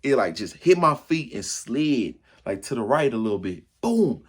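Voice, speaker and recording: A man telling a funny personal story to his viewers in a casual, slangy way, acting out the crashes and his own yells. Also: medium pitch, normal speed. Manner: animated, acts out yells and crashes.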